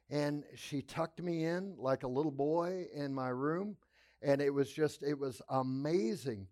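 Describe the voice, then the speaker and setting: A male pastor with a fairly high voice tells his story from the pulpit. He builds drama, rising and falling as he goes. It is a lively sermon testimony. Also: measured pace.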